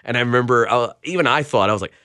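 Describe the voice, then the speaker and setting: A man hosting a casual podcast chat about a film, jokey and animated, often restarting his sentences. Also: medium pitch, rapid-fire, no room sound, clean studio sound. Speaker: podcast host.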